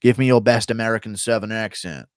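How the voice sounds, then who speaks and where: A man's voice: on the low side, fairly even intonation, fast talker, dry recording. A man hosting a live stream, reading out donations and answering chat questions in a blunt, profane, rambling way. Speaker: streamer host.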